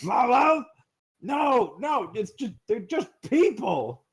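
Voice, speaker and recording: A man voicing an exasperated lizardfolk yelling back from the water. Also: very high voice, very animated, slow, slightly rough, voice pushed up, heavily acted. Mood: exasperated shouting.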